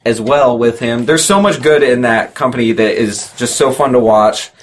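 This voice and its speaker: A man's voice: medium pitch, normal speed. A young man co-hosting a casual podcast chat, rambling and restarting his sentences. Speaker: podcast co-host.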